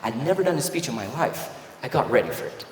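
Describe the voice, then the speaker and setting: A man from Quebec, Canada in his thirties giving a motivational keynote, animated storyteller acting out dialogue on stage. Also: mid-range voice, fast talker. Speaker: keynote speaker. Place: large event hall on stage. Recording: echoey hall with long reverb, faint noise.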